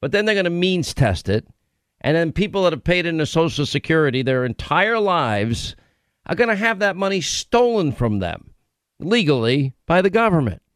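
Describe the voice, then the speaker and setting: Guy ranting on talk radio, sarcastic, kinda high voice, dry close sound. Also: big pitch swings, normal speed, clear, resonant tone, no room sound. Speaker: radio talk show host.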